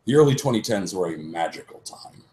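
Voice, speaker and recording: A man, a voice actor guest on a livestream, giving a theatrical, expressive reading. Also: deep voice, fairly quick.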